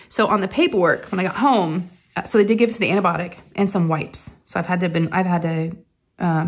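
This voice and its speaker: A middle-aged woman chatting casually to viewers from home, telling stories with lots of fillers and giggles. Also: fairly low pitch. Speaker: crafting vlogger.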